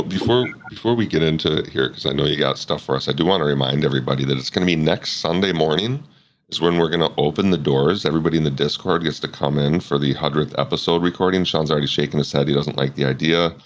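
A man hosting a podcast in casual chat, animated and joking, his voice jumping up when he gets excited. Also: extremely low pitch, fast talker, low-quality recording. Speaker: podcast host.

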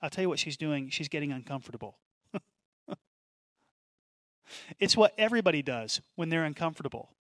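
A man preaching a sermon as pastor, in an animated, conversational way with asides. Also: a little high, moderate pace, pauses often, no echo.

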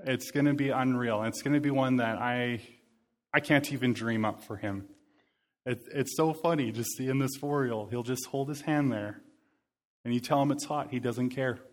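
Preaching at normal speed, a thirtysomething man sounds sincere and conversational. He speaks at an ordinary mid pitch and drives points home by saying a phrase over and over.

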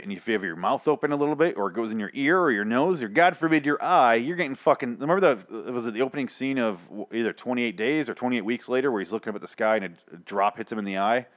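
A man's voice: mid-range voice, animated, fast talker. A man giving a casual, ranting recap of a television episode, sarcastic and full of swearing and fillers. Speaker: show recap commentator. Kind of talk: casual profane recap monologue.

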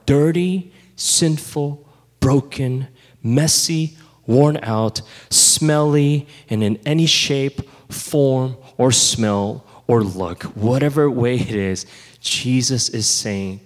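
A man preaching a sermon as pastor, conversational and animated, sometimes dropping to a hush. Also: medium pitch, takes it slowly. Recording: reverberant hall.

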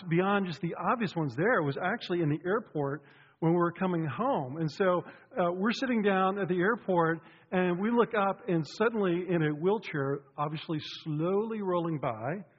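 A man speaking as a pastor, cheerful and joking, telling stories in an animated way. His slightly high voice rings through a big sanctuary with a long reverb. The sound is a bit dull and muffled. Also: normal speed, husky. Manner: chatty, joking, animated storytelling. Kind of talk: casual sermon opening. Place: church sanctuary.

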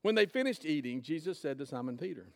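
A man's voice: fairly high pitch, animated, quick pace. A man preaching a sermon, retelling a scripture story in casual, conversational words. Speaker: pastor.

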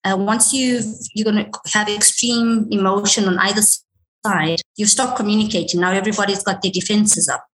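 A woman speaks as a guest consultant in a relaxed interview, her voice sitting at a middle pitch. She talks in a measured way, sometimes repeating a word while she finds the next thought. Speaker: workplace and career consultant guest. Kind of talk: conversational interview answers.

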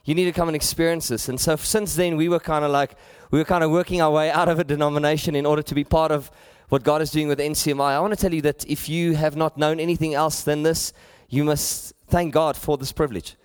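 A man's voice: fairly high pitch, steady tone, fast, clean tone, no echo, clean studio sound. A middle-aged man with a South African accent, preaching a sermon with rising emphasis and repeated phrases. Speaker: pastor.

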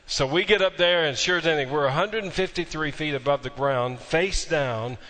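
A man's voice: on the high side, moderate pace, sharp tone, long reverb tail. A man preaching a sermon as pastor, telling a humorous story before moving into emphatic preaching.

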